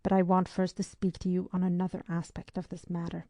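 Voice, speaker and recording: A woman's voice: lowish voice, completely flat delivery, fairly quick, dark tone, dry recording, natural voice. Woman reading as a curt, grim naval captain. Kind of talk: audiobook character reading.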